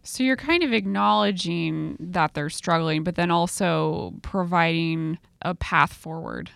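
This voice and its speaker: Gravelly-voiced woman co-teaching calmly. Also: lowish voice, measured pace, no echo. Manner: supportive, agreeable, adds summarizing remarks. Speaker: psychiatry educator. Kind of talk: conversational teaching.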